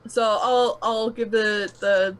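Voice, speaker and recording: A woman's voice: fairly high pitch, fairly even intonation, slow, smooth, poor audio. A woman running a tabletop game, describing the scene in a chatty way with many fillers and laughs. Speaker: game master.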